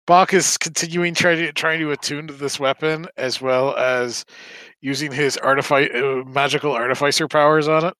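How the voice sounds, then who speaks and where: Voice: mid-range voice, steady tone, normal speed, fairly bright tone, dry recording, low-quality recording. A tabletop player talking casually and playfully, laughing often. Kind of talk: casual tabletop game chat.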